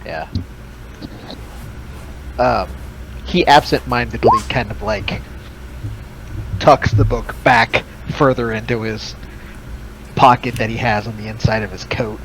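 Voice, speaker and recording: A man's voice: fairly low pitch, takes it slowly, pauses often, a bit bright, slight background noise, poor audio. A man playing a character in a tabletop game, talking in a hesitant way with fillers. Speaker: player. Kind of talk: tabletop role-play chat.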